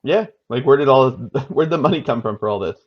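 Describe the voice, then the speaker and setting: A man's voice: mid-range voice, animated, a little fast, highs cut off. A man co-hosting a casual movie review chat, dry and blunt, with some swearing. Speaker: co-host friend.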